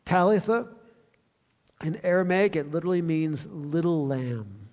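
A man preaching a sermon as a pastor, telling the story in an animated way that swells with excitement. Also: fairly high pitch, unhurried, big-room sound, dull audio.

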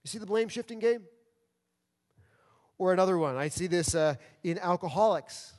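A high-pitched man from New York City, speaking at normal speed, preaches a sermon as a pastor. He fires off rhetorical questions and acts out people's excuses, his words carried by the long reverb of a large hall.

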